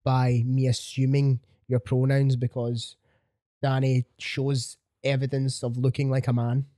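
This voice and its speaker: A man's voice: medium pitch, completely flat delivery, measured pace, dark tone, no room sound, clean studio sound. A man hosting a podcast, ranting bluntly with plenty of swearing in casual chat. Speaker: podcast host.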